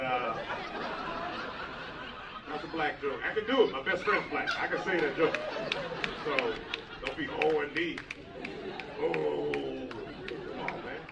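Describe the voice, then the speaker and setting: A male stand-up comedian doing loud, playful crowd work in a comedy club, laughing often. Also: a little high, heavy background noise. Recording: roomy live club audio from a distance, dull. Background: loud audience laughter.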